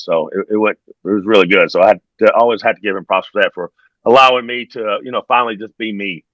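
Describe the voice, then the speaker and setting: A middle-aged man, a podcast guest telling stories in a relaxed, drawling way and laughing along as he goes. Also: fairly low pitch, quick pace, no room sound, poor audio. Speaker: podcast guest, former pro wrestler. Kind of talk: casual interview storytelling.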